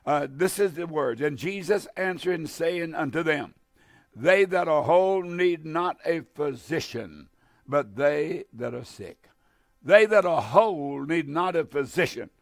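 A man preaching a fiery broadcast sermon, hammering phrases over and over and stumbling through fillers. His voice sits a touch high and carries a gravelly fry. The sound is close and dry. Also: dry recording. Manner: fervent, repetitive exhortation with many fillers.

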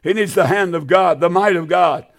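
A man's voice: sits high, moderate pace, vocal fry. A man preaching a televised sermon, pleading fervently with his listeners and repeating his appeals over and over. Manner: fervent, pleading, repetitive exhortation.

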